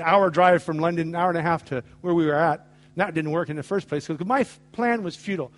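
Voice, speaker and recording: A man's voice: a little high, fast talker. A middle-aged man preaching a sermon, telling stories with acted-out dialogue in an emphatic way. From United States. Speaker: pastor.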